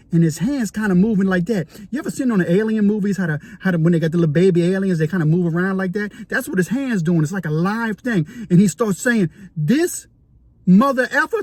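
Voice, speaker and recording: A man telling a story about his time in prison, animated and dramatic, acting out what he saw. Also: high-pitched, no echo. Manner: animated, vivid, dramatic retelling. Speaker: storyteller, former inmate. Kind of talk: casual storytelling to camera.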